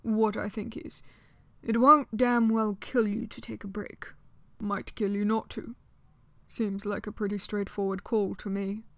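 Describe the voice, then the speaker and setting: Woman voicing a gruff, terse man. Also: medium pitch, unhurried, no echo. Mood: blunt. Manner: flat, neutral, terse. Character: gruff, blunt, laconic man.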